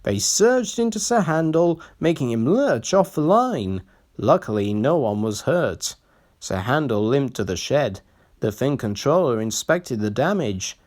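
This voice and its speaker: Children's story narrator: slow, measured, lively intonation. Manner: slow, expressive reading with lively pitch. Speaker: storybook reader. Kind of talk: children's storybook read-aloud.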